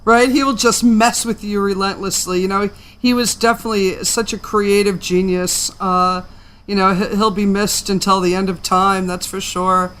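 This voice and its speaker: A woman hosting a radio interview, enthusiastic and quick to laugh. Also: mid-range voice, steady tone, fairly bright tone. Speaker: radio host. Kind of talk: casual interview chat.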